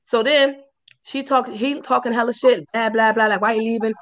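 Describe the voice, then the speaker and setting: A woman's voice: normal speed, muffled recording. A woman co-hosting a podcast, telling a story in casual, profane chat and acting out what people said. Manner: animated, profane, acts out quotes in high squeals. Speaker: podcast co-host.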